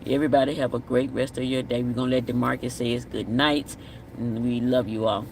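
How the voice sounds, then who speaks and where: A man's voice: mid-range voice, level tone, a little fast, distant mic. A man chats easily on a live stream, reading out comments and repeating his words for emphasis. He sounds set back from the mic, with faint street and car noise outdoors. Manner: chatty, repeats himself, signs off with blessings.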